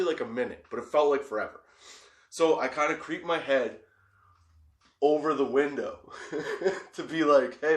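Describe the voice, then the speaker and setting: Animated swearing man telling a story. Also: on the high side, echoey room. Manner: animated, laughs often, swears freely. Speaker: podcast host. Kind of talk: comedic storytelling.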